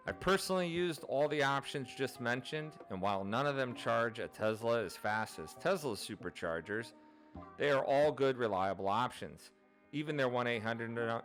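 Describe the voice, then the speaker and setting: A man hosting his own channel, narrating an informative explainer in a steady, methodical way, going through items one by one. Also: mid-range voice. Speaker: channel host.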